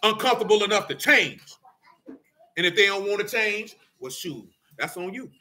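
A man leading a Bible study in a folksy, animated preaching style, quizzing his listeners and calling them "boy" and "man". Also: high-pitched, normal speed.

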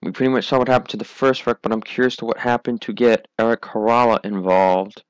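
A man's voice: medium pitch, fast talker, clean tone, no room sound. A young man giving solo play-by-play commentary on a sim racing league, running through positions and replays. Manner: calls positions and replays, rising excitement at restarts.

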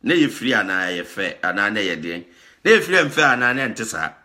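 A man's voice: lowish voice, very animated, quick pace, pushed and bright. A Ghanaian man hosting a talk show, commenting emphatically, often repeating words and laughing. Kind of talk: animated commentary mixing Twi and English.

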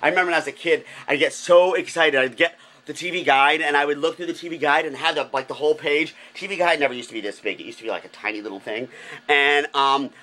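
A man's voice: a little high, quick pace, bright, forceful tone. A man hosting a comedic vlog, flamboyant and gushing, recorded on a phone. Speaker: vlogger host.

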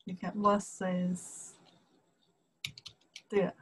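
A woman with a Chinese accent gives an online Chinese lesson at an unhurried pace. Her voice is slightly breathy and husky. She talks haltingly, with lots of fillers, and sounds out each syllable with its tone. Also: lowish voice, flat delivery, low-quality recording. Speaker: Chinese teacher. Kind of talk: casual online language lesson.

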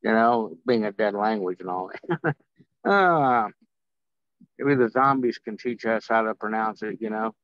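Casting: male poet, slow deliberate delivery, dry dull online-call sound. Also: mid-range voice, fairly bright tone, no echo. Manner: wry, rambling asides. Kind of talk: poetry reading. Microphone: video call.

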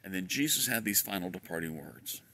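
A pastor delivers a relaxed sermon outside in his backyard. His voice is a little low and very bright, and he tells folksy stories with easy filler words. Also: brisk. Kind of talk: casual outdoor sermon. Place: home backyard, outdoors.

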